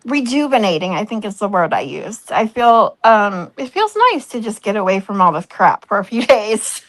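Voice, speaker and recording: A woman's voice: on the high side, fairly bright tone, low-quality recording. A woman hosting a casual livestream chat, who laughs often and trails off into restarts. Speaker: streamer host.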